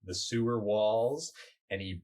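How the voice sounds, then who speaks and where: A man hosting a comedy podcast, narrating an improvised story in a relaxed, chatty way. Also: lowish voice, slow. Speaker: podcast host.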